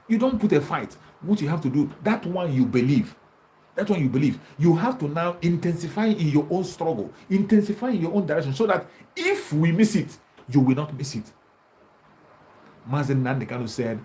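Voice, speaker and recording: A man's voice: mid-range voice, dark tone, slight background noise, low-quality recording. A man giving an impassioned political monologue, taunting and repeating himself as he challenges his opponents. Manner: combative, taunting, repetitive. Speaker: activist commentator.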